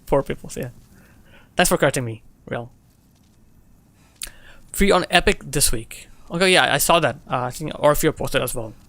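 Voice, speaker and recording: A dry recording catches a young man's mid-range, slightly bright and creaky voice as he plays a game on stream. He talks at normal speed with long pauses, reading viewers' messages aloud, answering them and laughing frequently in casual chat.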